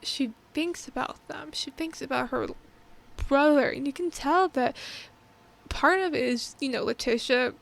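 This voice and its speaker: Fan reviewer, female, high-pitched, eager and emotional, trips over her own sentences. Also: a little slow, creaky. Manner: excited, emotional, rambling with many restarts. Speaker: movie reviewer. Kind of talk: casual spoken movie review.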